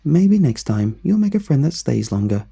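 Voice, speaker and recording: A man's voice: medium pitch, big pitch swings, moderate pace, vocal fry, dark tone, slightly rough, voice pushed up, exaggerated voice. Man doing sinister sugary mother. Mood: coaxing. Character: sinister mother figure, sweetly coaxing.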